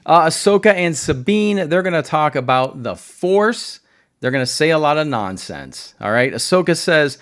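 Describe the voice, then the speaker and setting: Brief: a sarcastic male reviewer, smooth, clear tone, rambling and casual. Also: a little high, expressive, normal speed, a bit bright. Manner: sarcastic, rambling, many fillers. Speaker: video reviewer.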